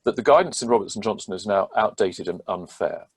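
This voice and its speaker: A man with a low, husky voice walks through a court ruling step by step. He speaks as a barrister would, measured and methodical, pausing often on ums and restarts. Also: lively intonation. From England. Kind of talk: legal explainer talk.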